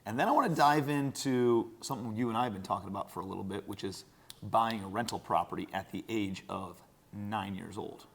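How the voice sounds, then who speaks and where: Easygoing podcast dad chatting casually. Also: male voice, lowish voice, fairly quick, vocal fry, a little hiss or hum. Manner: easygoing, chatty, loose with fillers. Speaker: podcast host interviewing his daughter. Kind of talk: casual conversational interview.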